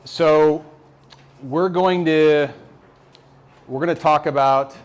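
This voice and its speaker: A man telling a story live to an audience, animated and halting, with many repeated words and fillers. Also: a little high. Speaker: motivational speaker. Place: talk venue with a live audience.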